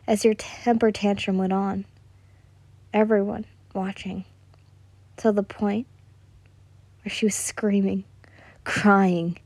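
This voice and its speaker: A woman reading a second-person fan story aloud in a soft way, now and then correcting herself. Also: medium pitch, dry recording. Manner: slow, soft, with occasional self-corrections. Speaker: fan fiction reader.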